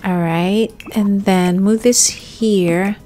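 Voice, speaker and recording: A young woman talking her way through a life-simulation game in a loose, chatty way. She coaches her character and addresses viewers directly, now and then breaking into excited yelps. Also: medium pitch, drawn-out words, faint music behind. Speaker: gaming YouTuber. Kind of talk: casual let's-play commentary.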